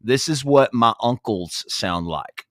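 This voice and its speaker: A man's voice: mid-range voice, expressive, takes it slowly, no echo, clean studio sound. A man in his forties, a radio DJ, chatting on a podcast in an easygoing, talkative way. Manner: easygoing, talkative, laughs readily. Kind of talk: casual chat.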